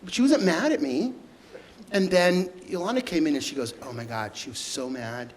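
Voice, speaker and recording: A middle-aged man telling emotional stories as a guest onstage, halting and stumbling over repeated words. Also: high-pitched, big pitch swings, low-quality recording. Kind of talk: emotional storytelling conversation.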